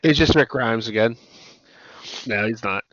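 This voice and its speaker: A man's voice: medium pitch, measured pace, a bit bright, dry recording. A man on a podcast panel, dropping brief, dry remarks into a pop culture chat. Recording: dull lo-fi dry recording.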